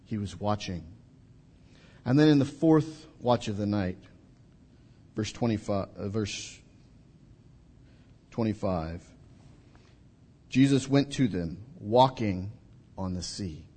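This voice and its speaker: Male preacher, storytelling sermon, animated pitch and dramatic hushes, echoey church hall. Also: slow pace, pauses often, breathy edge. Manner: storytelling, acting out voices, dramatic drops to quiet. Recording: reverberant hall.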